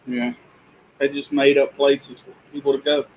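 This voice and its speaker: A man's voice: mid-range voice, lively intonation, normal speed, creaky, darkish tone, highs cut off. A man chatting casually as a regular on a live stream, blunt and folksy in his remarks. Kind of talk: casual chat. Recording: faint ambient noise.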